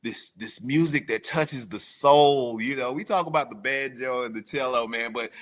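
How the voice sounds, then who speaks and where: A man's voice: medium pitch, moderate pace, fairly bright tone. A man as a guest, candidly telling his own recovery story in a slangy, emotional way. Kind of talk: personal recovery testimony.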